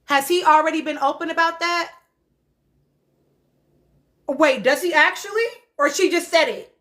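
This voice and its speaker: Woman livestream host, high voice, unhurried, laughs a lot, casual chat to viewers. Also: fairly bright tone. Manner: laughs often, talks straight to viewers as "y'all". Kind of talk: casual live-stream chat reacting to comments.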